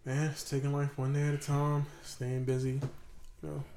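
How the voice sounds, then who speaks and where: A man's voice: fairly high pitch, completely flat delivery, normal speed, dark tone, slight background noise. Easygoing man in casual chat. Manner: easygoing, brief interjections.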